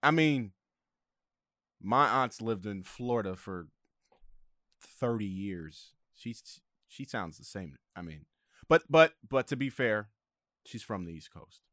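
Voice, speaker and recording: A young man, a podcast guest, chatting in a relaxed way, trailing off softly and laughing at himself. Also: on the low side, slow pace, pauses often, no room sound, clean studio sound. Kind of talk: casual chat.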